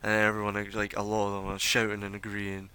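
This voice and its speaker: A man's voice: lowish voice, monotone, fast talker, sharp tone, clean tone. A man narrating as game master of a tabletop game, rambling with many fillers.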